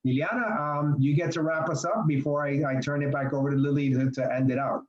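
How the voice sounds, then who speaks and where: A man's voice: fairly high pitch, fairly quick, reverberant, dull audio. A man, a bank manager on a webinar panel, telling a story in a conversational way full of restarts and fillers over a video call.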